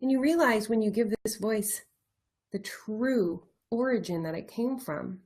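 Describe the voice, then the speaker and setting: A woman coach speaking straight to her viewers in a motivational talk. Her voice sits a little high, and she leans on repeated words for emphasis. She often slows and softens to let a point sink in. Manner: drops to soft, slow delivery for reflection. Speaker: life coach.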